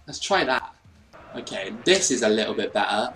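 A man's voice: lowish voice, big pitch swings, moderate pace, bright, forceful tone, poor audio. A young man giving casual commentary on a football video game, swearing and ranting at the computer opponent. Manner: frustrated, swears, rants at the game. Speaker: gaming YouTuber.

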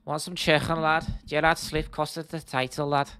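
A man's voice: on the high side, flat delivery, moderate pace, pushed and bright, smooth, pitched above the performer's own voice. A man putting on a Scouse accent to play a cheeky, cocky young Liverpool lad who ends each line with "lad". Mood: jokey. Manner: chummy, tacks "lad" onto each line.

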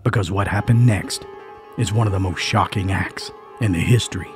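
A man's voice: deep voice, normal speed. A man narrating a dramatic mountain feud story, building suspense with folksy, emphatic asides. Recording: faint music underneath.

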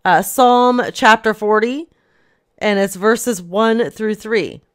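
A woman hosting a ministry interview, speaking in a measured way and reading scripture aloud. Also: medium pitch. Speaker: host.

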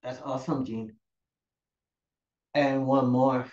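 A male fitness instructor leading a class, giving steady cues and encouraging students by name. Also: medium pitch, slow. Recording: echoey, dull lo-fi room sound.

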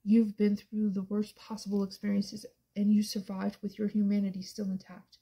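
A woman's voice: mid-range voice, completely flat delivery, moderate pace, dark tone, slightly rough. A woman reading the part of a desperate, devoted young man, pleading earnestly.

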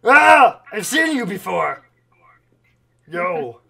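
A man doing a gravelly, high goofy T-rex. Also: very animated, extremely slow, heavily acted. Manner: rowdy, shouts and makes mouth noises. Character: goofy male T-rex puppet, brash and silly. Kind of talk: improvised video chat puppet comedy.

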